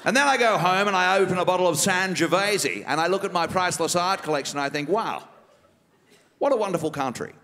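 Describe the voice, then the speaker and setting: A man's voice: high voice, animated, a little fast, pushed and bright, a faint crowd, full character voice. A man with an Australian accent impersonating a smug, wealthy male politician who stretches out his vowels and over-enunciates every word. It is recorded live on a stage microphone in a reverberant theater. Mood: smug drawl. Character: smug rich male politician, pompous and self-satisfied.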